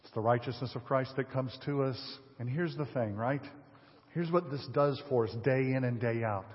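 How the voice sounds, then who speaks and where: A male pastor preaching a sermon, asking the congregation rhetorical questions and swinging between loud emphasis and a hushed voice. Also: medium pitch, moderate pace, slightly rough. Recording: lo-fi sermon audio with long hall reverb.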